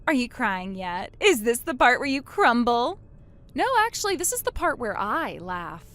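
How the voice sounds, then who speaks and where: A woman's voice: on the high side, sing-song, normal speed, a bit bright. A woman voicing a gloating, cruel younger sister in a text-message story, taunting in a sing-song way.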